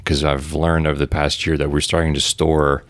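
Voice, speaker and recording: A man's voice: a bass voice, flat delivery, normal speed, no echo. A man talking casually as a podcast guest, telling a long story in a loose, rambling way full of fillers.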